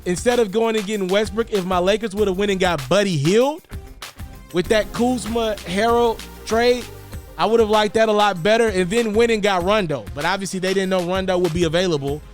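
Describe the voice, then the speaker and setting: A man giving casual, animated basketball commentary, often repeating words and jumping up in pitch for emphasis. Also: fairly quick, faint music behind.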